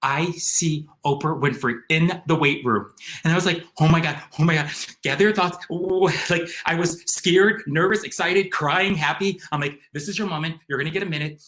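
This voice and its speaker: Man, young adult, personal storytelling, animated, slightly high pitch. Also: normal speed. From Chicago area. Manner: animated, excitable, uses lots of "like" and "um". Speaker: storyteller guest.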